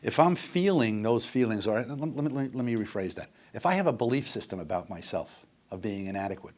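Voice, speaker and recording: A man's voice: lowish voice, animated, brisk, a little mellow. An older man speaking on addiction recovery in an earnest, emphatic lecture that repeats its points.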